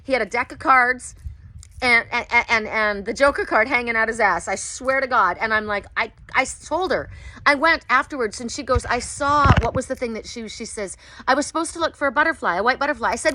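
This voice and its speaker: A middle-aged woman who reads oracle cards recounts her sessions at a fairly quick pace in a casual vlog filmed outdoors, frequently erupting into high, excited exclamations.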